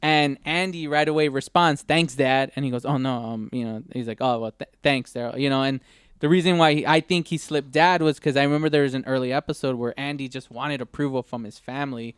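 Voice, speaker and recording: A young man co-hosting a new live internet radio show, retelling a TV episode in a rambling, animated way with many restarts. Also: medium pitch, brisk, clean tone, no echo, studio quality. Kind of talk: casual chat.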